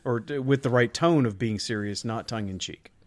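Dry-humored man co-hosting a podcast. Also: medium pitch. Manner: dry, wry humor, halting restarts. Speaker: podcast co-host. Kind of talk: casual chat.

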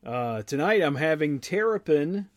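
Guy co-hosting a podcast, deadpan dry jokes, lively up and down voice. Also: a little high, a little slow, no echo. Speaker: podcast co-host. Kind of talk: casual podcast chat.

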